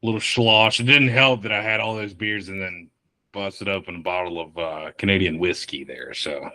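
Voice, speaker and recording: A man's voice: deep voice, moderate pace, bright, forceful tone. A man hosting a casual podcast chat, telling rambling stories and laughing often. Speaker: podcast host. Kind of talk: casual chat over beers.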